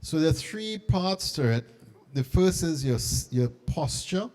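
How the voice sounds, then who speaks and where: A middle-aged man, an archbishop speaking to a conference of school principals and leading them through a meditation. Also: a little high. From Trinidad and Tobago. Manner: animated and coaxing, then slow and hushed in prayer. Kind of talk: talk guiding a meditation. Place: conference hall.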